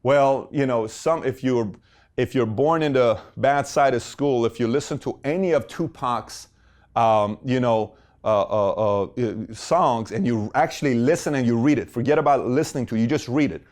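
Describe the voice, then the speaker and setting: A middle-aged man hosting a motivational talk, animated, firing off rhetorical questions with big swings in pitch. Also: moderate pace. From Middle Eastern family. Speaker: host.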